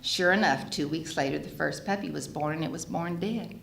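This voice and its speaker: An older woman telling her personal recovery story in an animated way, laughing often as she speaks. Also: sits low, moderate pace, creaky, a little hiss or hum. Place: meeting hall. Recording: echoey hall, faint ambience.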